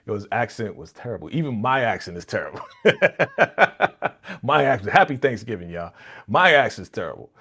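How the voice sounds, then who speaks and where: A young man hosting a live reaction stream, talking casually and excitedly with slang and lots of laughter. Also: on the low side, normal speed, breathy edge. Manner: animated, laughing, slangy, recaps with quoted lines.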